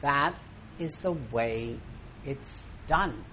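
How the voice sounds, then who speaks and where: A man giving an inspirational talk to an audience, emphatic and preacherly, swinging between loud and soft. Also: fairly high pitch, unhurried, pauses often, dull audio, a little hiss or hum. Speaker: spiritual teacher.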